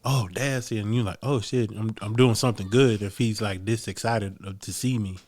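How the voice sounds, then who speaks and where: A man speaking as a guest in a casual podcast chat, relaxed and agreeable, with many fillers. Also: lowish voice, normal speed, dry recording.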